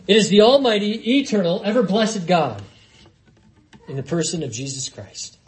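A man's voice: sits high, darkish tone. A man preaching an expository sermon, conversational, with frequent asides to the congregation.

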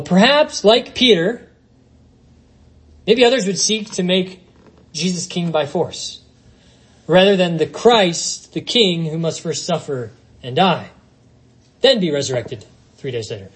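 A man's voice: high-pitched, husky, low-quality recording. A man preaching a sermon, reading scripture aloud and working through it with rhetorical questions. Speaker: pastor.

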